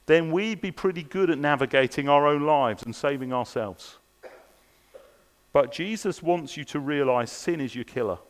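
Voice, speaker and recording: A man preaching a sermon at a church service, earnest and pressing his listeners with repeated rhetorical questions. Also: fairly high pitch. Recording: long reverb of a large hall.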